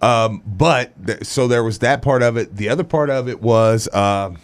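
A man's voice: medium pitch, moderate pace. A man co-hosting a casual sports talk show, rambling and correcting himself as he talks, with frequent laughs. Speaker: co-host, former player.

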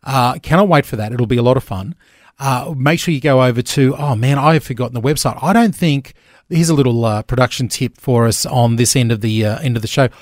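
A man's voice: medium pitch, fairly quick, no echo, clean studio sound. A man hosting a breakfast radio show, chatting casually and rambling a little as he corrects himself. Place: radio studio.

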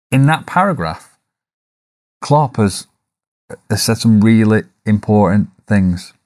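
A man's voice: lowish voice, animated, slow pace, long pauses, a little mellow. A man hosting a solo podcast, talking reflectively in a coaching tone, posing rhetorical questions and adding the odd self-deprecating aside. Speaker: podcast host. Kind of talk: solo business podcast monologue.

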